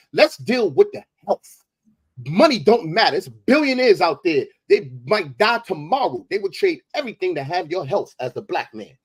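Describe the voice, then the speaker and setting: A man's voice: sits high, slightly rough. A man, debating in a heated, confrontational way and repeating himself for emphasis.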